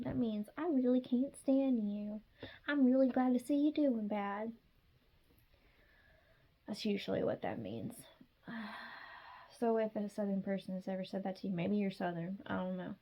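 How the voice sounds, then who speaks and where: A woman's voice: mid-range voice, a little slow, pauses often, warm tone, poor audio. A woman giving a casual tarot reading straight to the viewer, chatty and sassy. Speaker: tarot reader.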